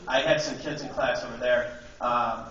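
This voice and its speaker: A man's voice: mid-range voice, steady tone, normal speed, fairly bright tone. A young man, a teacher, doing a rambling, self-deprecating stand-up set full of fillers in a school auditorium. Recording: echoey hall from far off, dull and noisy.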